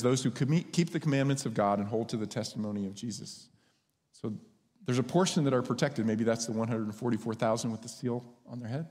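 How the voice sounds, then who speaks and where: A man preaching a sermon as pastor, conversational and lively when he tells stories. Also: mid-range voice. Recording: long hall reverb.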